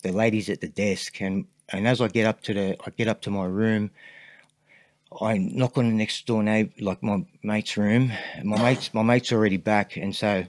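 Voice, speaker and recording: Man, Australian accent, podcast guest, rambling storyteller, lowish voice, dry sound. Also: fairly even intonation, normal speed, dry recording. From Sydney, Australia. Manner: rambling, filler-heavy storyteller. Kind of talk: casual storytelling interview.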